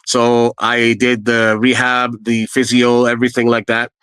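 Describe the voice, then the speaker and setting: A middle-aged man from Canada, a guest telling his own story in a blunt, lively way and acting out what others said. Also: unhurried, clean tone, no echo, poor audio. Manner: re-enacts quoted people with raised pitch, blunt and profane. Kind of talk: animated personal storytelling.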